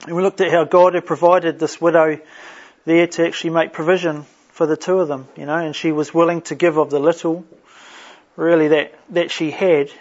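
A man leading a Bible study, reading scripture and explaining it in an unhurried way with frequent restarts. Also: on the high side, flat delivery. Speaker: pastor. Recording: dull lo-fi sound.

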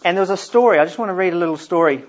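A man delivers a sermon with a fairly high voice. He talks in a conversational way and restarts phrases as he goes. The recording sounds dull and lo-fi. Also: rapid-fire. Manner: conversational, repeats words while thinking. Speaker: preacher.

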